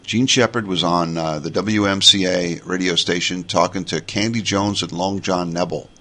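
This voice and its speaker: A man's voice: low voice, fairly even intonation, moderate pace, a bit bright. A man in his forties from New York, with a New York accent, hosting a podcast in a rambling, chatty monologue full of fillers and restarts. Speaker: podcast host.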